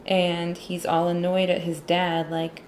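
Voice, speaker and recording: A woman's voice: fairly low pitch, a little slow, creaky, a little mellow, a little hiss or hum. A woman chatting casually and sarcastically about a movie while she draws, with lots of "like". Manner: sarcastic, chatty, heavy use of "like". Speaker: illustrator and movie commentator. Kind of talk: casual chat while drawing.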